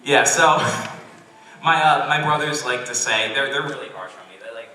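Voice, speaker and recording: A young man doing a stand-up set at a college comedy club, awkward and self-deprecating, with halting restarts. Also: mid-range voice, crowd noise. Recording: roomy distant club recording. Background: audience laughter.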